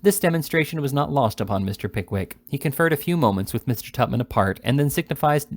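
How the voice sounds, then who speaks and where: A man's voice: medium pitch, quick pace. Man reading a classic novel aloud. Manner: steady reading with occasional slips and restarts. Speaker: reader.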